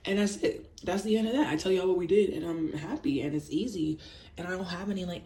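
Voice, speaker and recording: Young woman, slightly low voice, casual vlog venting, candid and animated. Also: fast, slight background noise. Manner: candid and animated, slipping into mocking quoted voices. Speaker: vlogger.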